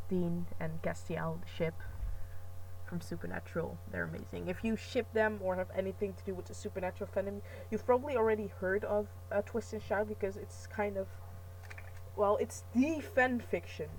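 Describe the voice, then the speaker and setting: A woman's voice: mid-range voice, recorded from a distance, a little hiss or hum, rough recording. A young woman vlogging in a rambling, chatty, self-mocking way, with many fillers and restarts. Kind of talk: casual chat.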